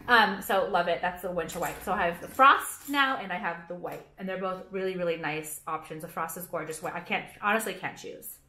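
A young woman rattles through a casual haul vlog in a bright, forceful voice, swearing freely and piling on filler words. Her brash, rambling chatter bounces around an echoey room. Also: on the low side. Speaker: vlogger and small business owner.

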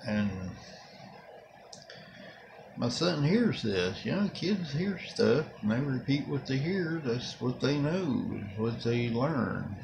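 A man's voice: mid-range voice, lively intonation, slow, creaky, noisy background. A middle-aged man with a Southern American accent telling a rambling personal story in a casual, folksy way. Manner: rambling, folksy, acts out quotes. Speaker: storyteller vlogger.

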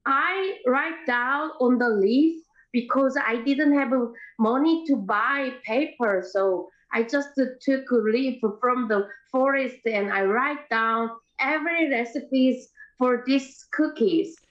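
A woman doing a squeaky little cookie girl. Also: slow pace, fairly bright tone, reverberant, dull audio. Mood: grateful. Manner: broken, childlike English. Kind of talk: online improv comedy. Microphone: computer mic on a video call.

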